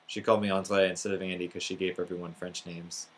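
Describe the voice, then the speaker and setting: Male storyteller from Texas, deeper voice, sincere and reflective first-person delivery. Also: little pitch movement, quick pace, slight background noise, low-quality recording. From Texas, USA.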